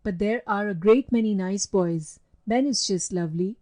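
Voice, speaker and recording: A woman voicing a kind, sympathetic little girl who speaks gently and earnestly in a storybook reading. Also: medium pitch, moderate pace, lightly acted.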